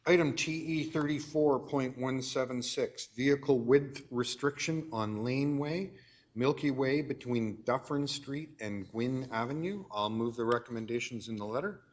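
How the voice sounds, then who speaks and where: A man with a Canadian accent chairing a council meeting, reading agenda items and motions in a brisk, dry procedural way. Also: mid-range voice. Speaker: committee chair.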